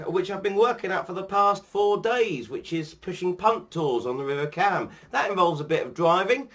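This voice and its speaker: A man's voice: fairly high pitch, fairly bright tone. A man chatting casually in a vlog about sim racing updates and his life, rambling with frequent ums and restarts.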